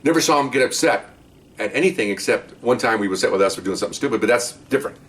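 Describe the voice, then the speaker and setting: An older man rattles off stories from his years as an undercover cop, quick and animated. He acts out the back-and-forth of each scene. His voice sits a little away from the microphone. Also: medium pitch. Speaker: retired undercover police officer. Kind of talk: casual storytelling of past cases. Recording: voice distant from the mic.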